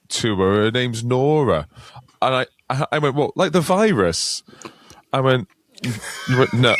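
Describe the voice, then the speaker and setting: A man's voice: mid-range voice, a bit bright, no echo, clean studio sound. A man co-hosting a comedy podcast, telling a self-mocking anecdote in a wry way. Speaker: podcast co-host. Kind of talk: casual comedy podcast chat.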